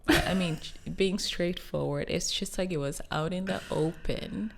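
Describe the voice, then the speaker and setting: A woman co-hosting a podcast, chatting casually and telling a lively story, acting out the people in it. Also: lowish voice, a little slow, gravelly, heavy background noise. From living abroad in Taiwan. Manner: animated storyteller, acts out voices in quotes. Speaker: podcast co-host.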